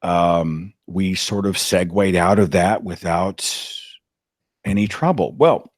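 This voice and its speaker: A man telling a personal story in a dramatic, animated way, as a guest on an interview. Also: sits low, slow pace, no room sound, studio quality. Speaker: podcast host, guest. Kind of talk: anecdotal storytelling.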